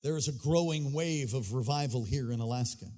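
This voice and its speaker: A man's voice: mid-range voice, brisk, warm tone. A man preaching a sermon to his congregation in a church, with a fervent, sing-song cadence and repeated phrases. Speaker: pastor. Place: church sanctuary. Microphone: handheld or stage mic.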